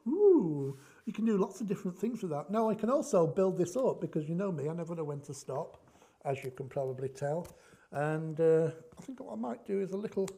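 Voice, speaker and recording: This craft demonstration host is a middle-aged man with a high voice, a darkish tone and some vocal fry. He keeps up a jokey, rambling patter in his tutorial, thinking out loud as he works.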